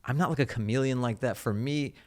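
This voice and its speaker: A man hosting a podcast, chatting casually and joking around. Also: medium pitch. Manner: joking, puts on quick silly voices. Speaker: podcast host. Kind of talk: casual chat.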